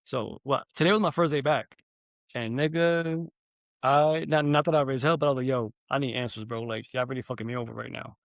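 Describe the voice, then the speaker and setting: A young man hosting a podcast, telling an animated, profanity-heavy story in casual chat. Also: medium pitch, brisk, creaky, no echo. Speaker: podcast host.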